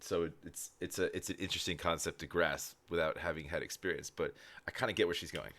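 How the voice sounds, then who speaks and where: A man hosting a reaction video, making relaxed, amused asides. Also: deep voice, fast. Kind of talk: casual commentary over a video.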